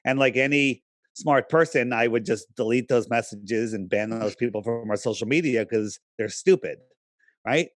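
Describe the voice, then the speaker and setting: A man's voice: mid-range voice, normal speed. A man as a podcast guest, talking in a casual interview, emphatic and persuasive, often pressing his points with rhetorical questions.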